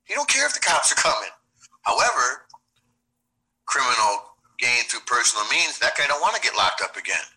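A man with a very bright, forceful voice talks through self-defense in a casual interview. His delivery is blunt and streetwise, full of slang and profanity, in a middle-pitched tone. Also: very animated, normal speed, low-quality recording. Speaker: podcast guest, self-defense instructor.

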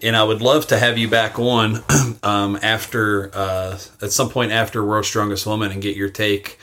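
A man's voice: on the low side, level tone, normal speed, bright, forceful tone. A man hosting a casual interview podcast, speaking hesitantly with many filler sounds. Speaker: podcast host.

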